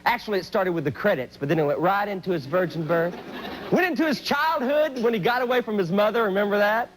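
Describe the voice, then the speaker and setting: A man telling a comic story on stage, animated and hyperactive, with sudden loud outbursts. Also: high voice, fast talker, a little hiss or hum, poor audio. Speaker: Christian comedian and singer.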